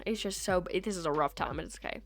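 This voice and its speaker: A woman's voice: lowish voice, fast, gravelly, faint music behind. A young woman streaming live, chatting casually with her chat and joking and teasing as she goes.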